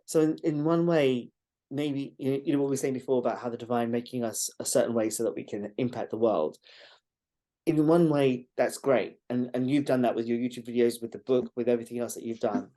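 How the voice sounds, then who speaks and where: Mellow-voiced male podcast host. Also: medium pitch, a little fast. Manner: hesitant, searching questions. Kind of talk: interview questions.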